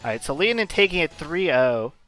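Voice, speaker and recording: A man's voice: a little high, sing-song, a little fast, a bit bright, faint music behind. A man doing casual live commentary on a puzzle game tournament, chatty and explanatory, with many fillers.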